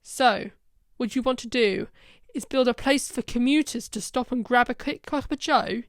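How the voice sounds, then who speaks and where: A woman's voice: on the high side, moderate pace, no room sound, clean studio sound, close to an everyday voice. A woman reading the part of a bold, commanding female time traveller confronting an alien. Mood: defiant. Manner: threatening, demanding.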